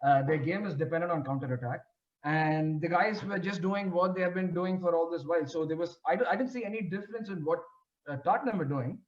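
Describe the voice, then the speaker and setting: A man's voice: a little high, a little fast, reverberant, lo-fi sound. A man co-hosting a football podcast, talking casually and eagerly, often restarting his sentences. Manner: animated, stammering restarts. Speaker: podcast co-host.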